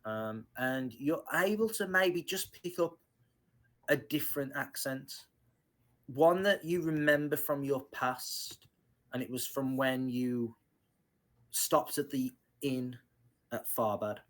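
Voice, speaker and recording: A game master running a tabletop fantasy game explains the world to his players in a mid-range, fairly bright voice. He speaks slowly and hesitantly, with many ums and restarts.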